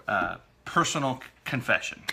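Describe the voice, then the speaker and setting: A man's voice: mid-range voice, expressive, normal speed, vocal fry, bright, forceful tone, a little hiss or hum. A man co-hosting a casual talk show about marriage, self-deprecating and laughing often. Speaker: co-host and producer. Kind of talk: casual chat.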